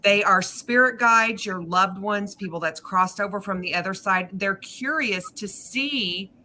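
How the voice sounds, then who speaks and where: A woman with a bright, clear tone speaks earnestly on a casual live chat, reassuring her listeners. She slows down on the points she wants to land, and faint noise sits under the recording. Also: medium pitch. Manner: earnest, reassuring, slow when stressing points. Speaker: reader on a spiritual live chat.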